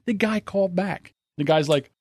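A man with a South Jersey accent hosting a podcast, telling a profane, animated story. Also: high voice, normal speed, breathy edge, no room sound, clean studio sound. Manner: animated, profane, acts out voices. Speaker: podcast host. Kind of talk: casual storytelling.

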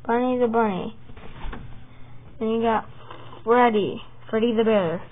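A high-pitched woman rambles casually through a vlog, hiccuping now and then and getting excited in bursts. She talks at an unhurried, drawn-out pace. Her voice comes through a tinny, phone-like recording with a faint hiss behind it. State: has the hiccups. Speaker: channel host showing her drawings.

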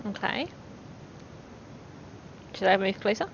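A woman's voice: mid-range voice, lively intonation, slow pace, creaky, muffled recording, slight background noise. A woman playing a tabletop game over a call, asking hesitant, giggly questions. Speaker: player. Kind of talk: casual play over a voice call.

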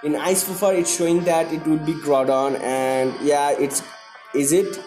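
A young man from India hosting a live stream, greeting viewers by name and repeating himself excitedly. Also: on the high side, a little slow, soft background music.

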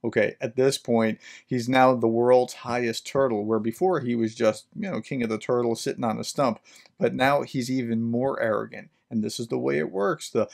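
A man's voice: medium pitch, normal speed, creaky, darkish tone. A man, a management professor hosting a podcast, who reads a children's book and adds conversational, explanatory comments with fillers.

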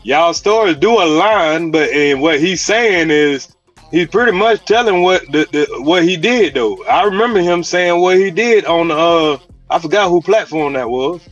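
A man's voice: on the high side, lively intonation, normal speed, a bit bright, muffled recording, faint music behind. A man hosting a livestream, chatting casually with his viewers while fixing a dropped stream. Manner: laid-back, talks to chat. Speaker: livestream host.

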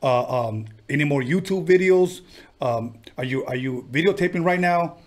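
A man's voice: a little high, normal speed. A man hosting a podcast, asking rambling questions with fillers in casual chat. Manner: short eager backchannels and rambling questions. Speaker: podcast host.

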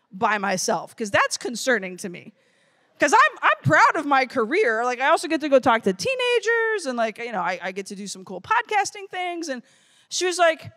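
A woman in her thirties giving a lively, playful talk to teenagers at a youth conference. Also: high-pitched, brisk. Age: 30s. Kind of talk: motivational talk to teens. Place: conference stage before a crowd.

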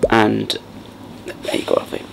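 A man hosting a soft-spoken ASMR chat, rambling and partly whispering as he talks. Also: normal speed, slight background noise. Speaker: ASMR channel host.

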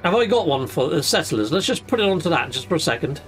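A man's voice: on the high side, sing-song, fast talker, faint music behind. A man commentating his gameplay in a chatty, exclamatory way, swapping in mild substitutes for swear words. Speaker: gaming channel host.

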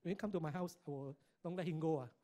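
A man's voice: a little high, fast, warm tone. A middle-aged man with a Singaporean English accent gives a motivational talk at a business meeting, pressing the audience with constant checks for agreement. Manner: emphatic, keeps asking the audience "right?" and "correct or not?".

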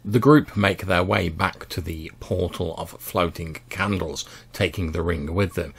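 Male game master, gravelly voice, lowish pitch, relaxed storytelling. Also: measured pace, slight background noise. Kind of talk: narrating a tabletop game.

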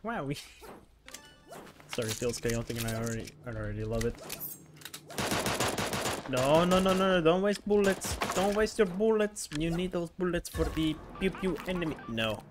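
A woman's voice: fairly low pitch, expressive, normal speed, long pauses, over music. A woman streaming a game, giggly and hyper, chatting playfully with her teammates. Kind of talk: casual gaming stream chat.

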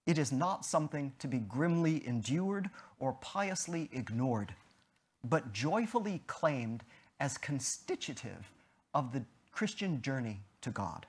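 A man giving an academic lecture, in a measured, deliberate way with emphatic stresses and a slightly husky voice. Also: on the high side.

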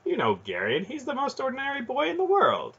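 Sorceress aunt read by a man, cool, measured, husky, lively pitch. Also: highs cut off, exaggerated voice. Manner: cool, wry, measured delivery.

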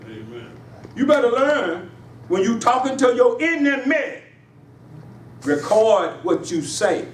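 A man preaching a Sunday sermon with a high voice that climbs on each emphatic line. His voice carries through a roomy, echoing sanctuary, picked up from a distance over a faint hiss. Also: big pitch swings, slow pace, pauses often. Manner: call-and-response preaching with rising emphatic lines and laughs. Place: church sanctuary. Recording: echoey church room, voice from afar, faint hiss.

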